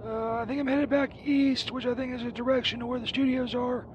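A man's voice: extremely high pitch, little pitch movement, a little fast, a little hiss or hum. A man voicing a crude, hapless male wanderer who rambles and swears easily, heard as a phone voicemail. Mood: rambling. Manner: foul-mouthed, rambling, easily riled. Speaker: recurring show character. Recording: dull muffled voicemail line.

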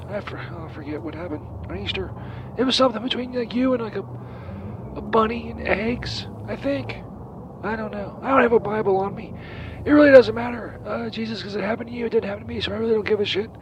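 A man's voice: high voice, dull audio, background noise. A man phoning in as a regular caller, rambling crudely and stammering with lots of fillers, calling from a vehicle. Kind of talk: rambling prank-style phone call.

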